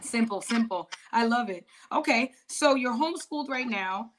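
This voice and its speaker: Chatty high-voiced woman podcast host. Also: animated, normal speed. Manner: chatty, rambling with restarts and laughs. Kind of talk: casual interview chat.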